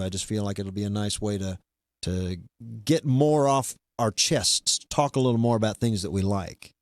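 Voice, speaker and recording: A man's voice: on the low side, no echo, studio quality. A man chatting casually as a podcast host, rambling loosely with many fillers and restarts. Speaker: podcast host being interviewed. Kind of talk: casual chat.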